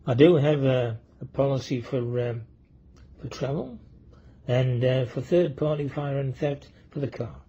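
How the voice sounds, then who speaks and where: In an unhurried, mellow voice of medium pitch with a breathy edge, this comedian-poet mixes jokey anecdotes with a short poem reading. Ums and uhs fill his rambling delivery, heard through dull lo-fi sound.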